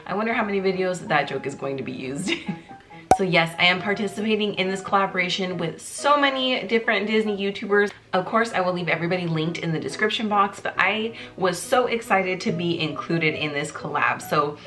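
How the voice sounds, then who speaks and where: With music clearly audible behind her, this YouTuber speaks a little fast in a lowish, somewhat bright voice. Hosting her own video, she keeps the chat casual, bubbly and jokey, sprinkled with small fillers.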